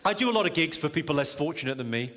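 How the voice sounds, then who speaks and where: A man's voice: a little high, expressive, a little hiss or hum. Male stand-up, dry teasing crowd work, live theater reverb. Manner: dry, quick-witted, teasing the audience. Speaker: stand-up comedian. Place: large theater stage. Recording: reverberant hall, loud audience laughter.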